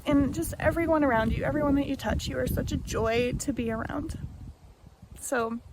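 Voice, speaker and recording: A young American woman vlogging, speaking an emotional tribute to her grandmother, halting often with fillers and restarts. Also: sits high, a little mellow, a little hiss or hum, poor audio. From United States. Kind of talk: heartfelt tribute and vlog narration.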